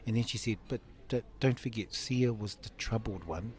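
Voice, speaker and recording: A man's voice: fairly low pitch, normal speed. A man in his fifties telling an emotional personal story in an interview, laughing often and acting out the voices of family members. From Samoan family. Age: 50s. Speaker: interview guest.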